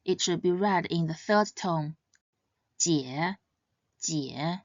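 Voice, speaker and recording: A woman teaching pronunciation in a scripted lesson, speaking slowly and carefully and stressing each example sound. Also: fairly low pitch, fairly even intonation, no echo, dull audio. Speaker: language teacher.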